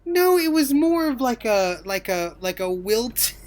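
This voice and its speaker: A woman's voice: a little high, big pitch swings, unhurried, darkish tone. A woman co-hosting a podcast, telling a rambling story in casual chat and laughing often. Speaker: podcast co-host.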